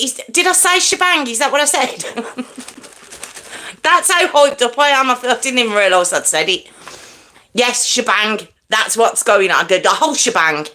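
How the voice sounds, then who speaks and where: A high-voiced woman hosts a true crime live stream from home on a desk microphone. Excitable and chatty, she talks with viewers and mutters to herself while fiddling with her lights and setup.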